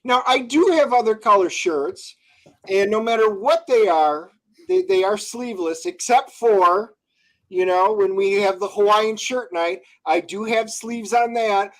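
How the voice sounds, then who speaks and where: A man's voice: sits high, measured pace, low-quality recording. A man chatting as a guest on a casual stream, laid-back and rambling, with dry humor. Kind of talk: casual live-stream chat.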